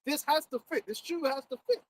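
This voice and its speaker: A man, chatting casually as host in an animated, slangy way, laughing often. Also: extremely high pitch, a little fast. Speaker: livestream host. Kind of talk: casual chat. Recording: distant mic, faint background noise.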